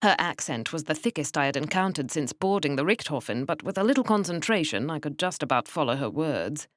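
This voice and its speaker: A woman narrating a mystery audiobook in a measured, wry manner. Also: low-pitched, expressive, dry recording. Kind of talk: scripted narration.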